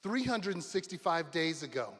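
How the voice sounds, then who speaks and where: Animated man telling a story in a hall. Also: fairly high pitch, normal speed. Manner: animated, shouting the exciting parts. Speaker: graduation speaker. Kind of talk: storytelling speech. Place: large graduation venue. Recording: long reverb of a large hall.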